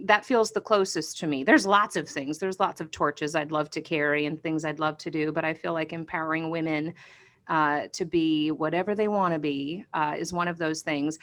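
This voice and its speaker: Bubbly woman chatting on a podcast, bright voice, gets all passionate and emphatic. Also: on the low side. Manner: bubbly, animated and chatty, laughs easily. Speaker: podcast guest. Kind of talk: casual conversation.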